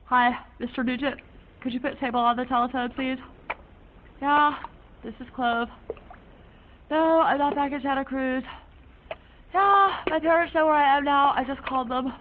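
A woman's voice: high voice, steady tone, normal speed, pauses often, close to an everyday voice. A woman playing a rambling free-spirited young woman. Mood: breezy. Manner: rambling, quirky, odd ornate slang. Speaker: young woman calling a friend. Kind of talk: one-sided phone call monologue in an audio drama. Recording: narrow phone-like sound, faint hiss.

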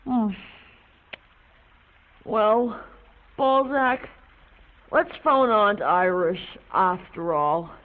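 An older lady who muses aloud to her dog at a slow, drawn-out pace, pausing and hesitating as she remembers. The voice sits at a middle pitch. It comes through thin and phone-like, like tinny film audio. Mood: musing. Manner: unhurried, musing storyteller with hesitant pauses. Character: older woman reminiscing wistfully to her dog. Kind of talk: film monologue.

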